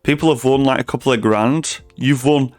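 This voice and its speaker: Guy hosting an interview, eager and tripping over words, mid pitch, faint music. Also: normal speed, darkish tone. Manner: enthusiastic, stumbling and repeating words. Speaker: host interviewer. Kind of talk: casual interview chat.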